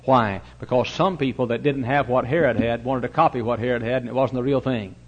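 A man preaching a sermon in a fervent revival style, swinging between loud pleading and hushed, earnest asides. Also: medium pitch, steady tone, brisk, breathy edge. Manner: old-fashioned revival preaching cadence. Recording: muffled lo-fi recording.

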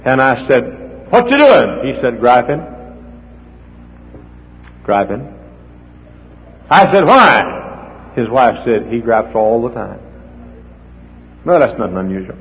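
An older man preaching a sermon as the pastor, swinging from hushed asides to near-shouts as he acts out the people in his stories. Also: medium pitch, slow pace, long pauses. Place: church hall. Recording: dull echoey hall with faint noise.

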